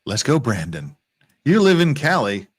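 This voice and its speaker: A male host of a relaxed live stream, bantering and joking with his guests. His pitch swings widely from low mutters to sudden bright lifts. His voice sits easy and unhurried, with nothing tight in it. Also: slightly rough. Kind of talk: casual live-stream chat.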